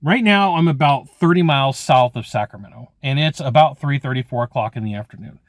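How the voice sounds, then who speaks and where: A man's voice: medium pitch, a little fast, dry recording. A man in his forties giving a casual, rambling motivational talk about sales, full of "like" and "okay". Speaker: sales trainer.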